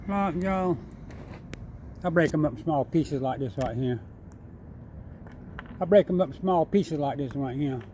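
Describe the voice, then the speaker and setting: A man chatting and coaxing a squirrel in his front yard, repeating himself in a relaxed, chuckling way. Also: mid-range voice, moderate pace, long pauses, a little hiss or hum. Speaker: vlogger feeding a squirrel. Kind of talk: casual talk to an animal.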